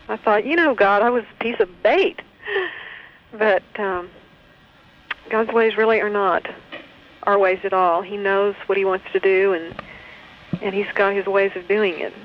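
A woman sharing a personal faith testimony in a heartfelt, conversational way, full of small hesitations, over a phone call. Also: mid-range voice. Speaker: guest recounting her experience.

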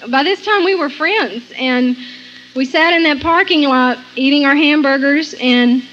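High-voiced woman telling her testimony. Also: a little slow, fairly bright tone, highs cut off, a little hiss or hum. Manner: earnest, laughs between sentences, quotes scripture. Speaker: Christian testimony speaker. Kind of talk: personal testimony storytelling.

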